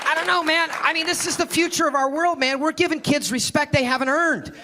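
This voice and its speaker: Speaking briskly in an extremely high voice, a male comic works the crowd during a brash, foul-mouthed set on a comedy club stage. It's a live club recording, with audience laughter and ambient room noise behind him.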